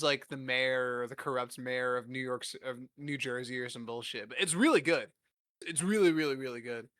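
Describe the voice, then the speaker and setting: A man's voice: medium pitch, pushed and bright, no echo, studio quality. A young man in his twenties hosting a podcast, rambling and joking crudely in casual chat with lots of filler words. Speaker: podcast host.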